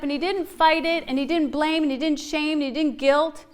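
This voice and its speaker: A woman's voice: sits high, steady tone, moderate pace. A middle-aged woman giving a heartfelt inspirational Easter talk, earnest and laughing often, repeating phrases for emphasis.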